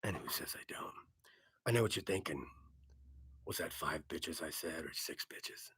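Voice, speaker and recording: A man putting on a menacing, low rough whisper as a tough-guy movie cowboy. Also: normal speed, fairly bright tone, full character voice.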